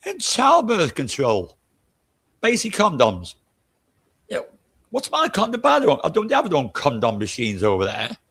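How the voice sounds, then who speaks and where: A man's voice: a little high, wildly swooping pitch, moderate pace, vocal fry, a bit bright, husky. An older man chatting casually, ranting in an exasperated, profane way. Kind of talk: casual chat.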